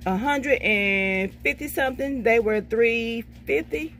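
Slow and a bit bright, this middle-aged woman's voice runs on the high side over a little hiss or hum. She's a vlogger casually chatting through a shopping haul, reading off each receipt price and folksily murmuring "okay, baby" to herself.

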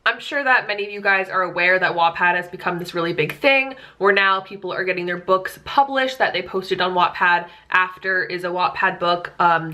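A woman's voice: mid-range voice, pushed and bright. A woman in her twenties chatting casually to camera as a book vlogger, peppering her talk with "like" and amused disbelief. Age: 20s.

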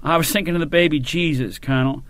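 A man's voice: fairly high pitch, fairly even intonation, quick pace, a bit bright, dry recording, natural voice. A man reading an audiobook voices a blunt British rifle officer with a dry, joking manner. He barks his orders, his voice slightly raised. The sound is close and dry. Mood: wry.

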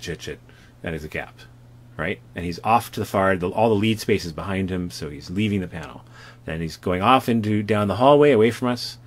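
A man with a Canadian accent giving a conversational lecture about comics art from home, with frequent fillers and restarts. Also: low-pitched. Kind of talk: recorded lecture with slides, self-recorded at home.

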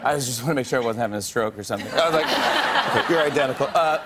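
A man's voice: medium pitch, lively intonation, fast talker, very noisy. A man hosting a late-night talk show, gushing and stammering with frequent laughs. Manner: enthusiastic, stammering, laughs a lot. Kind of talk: excited late-night interview. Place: TV studio with a live audience. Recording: cheering studio audience.

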